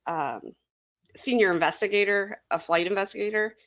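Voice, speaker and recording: A woman's voice: medium pitch, normal speed, fairly bright tone. A woman chatting casually as a podcast panelist, rambling a bit and hesitating with fillers. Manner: rambling, hesitant, laughs often.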